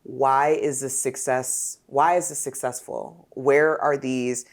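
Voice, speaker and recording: A woman hosts a relaxed podcast conversation. Her voice sits low and she takes her time with her words. She stays animated and emphatic throughout. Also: slow. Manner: animated, emphatic, laughs often. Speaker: podcast host. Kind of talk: casual conversational interview.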